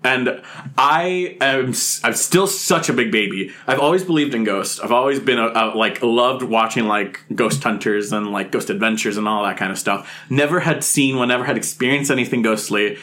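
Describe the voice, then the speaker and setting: A man telling a ghost story as a podcast guest, animated and laughing, swearing freely as he acts out his own past reactions. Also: medium pitch, moderate pace. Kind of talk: casual podcast anecdote.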